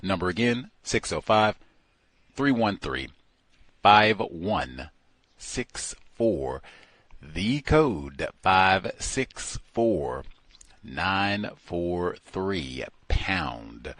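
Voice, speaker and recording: A male radio host speaks slowly and deliberately, pressing hard on his points. His voice is low and unhurried, and the sound is dry and close, with no room echo. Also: animated, a bit bright. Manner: slow, deliberate and emphatic. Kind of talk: call-in radio talk.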